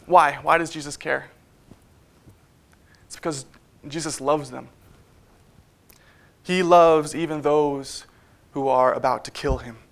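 Conversational man preaching, slightly high voice. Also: fairly even intonation, slow, vocal fry, long pauses. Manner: conversational, with frequent fillers and asides. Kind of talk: sermon. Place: church.

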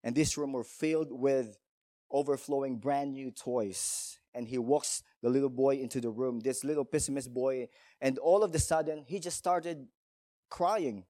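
A man's voice: mid-range voice, normal speed, dark tone, no room sound, clean studio sound. A male pastor preaching a sermon in a church, emphatic, telling stories and asking rhetorical questions.

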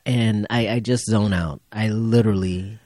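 A man's voice: on the low side, fairly even intonation, normal speed, darkish tone, dry recording. A man hosting a podcast, chatting casually with dry, exasperated storytelling. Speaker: podcast host. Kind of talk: casual chat.

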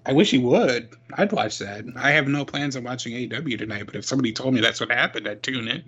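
A man co-hosts a casual chat in a mid-range voice with a husky edge. He talks in an easygoing way and hedges with "you know" and "kind of". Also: medium pitch, lively intonation, fast talker, a bit bright, dull audio. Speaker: co-host.

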